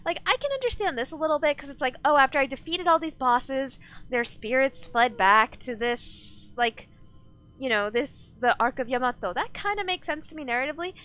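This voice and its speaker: A woman's voice: high voice, lively intonation, moderate pace, fairly bright tone. A woman streamer chatting casually while playing a game, rambling with many fillers and restarts. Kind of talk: casual live-stream chat while gaming.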